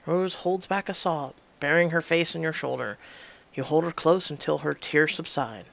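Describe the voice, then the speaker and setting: Woman narrator reading a story game aloud, gravelly, steady. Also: low voice, moderate pace. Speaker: reader.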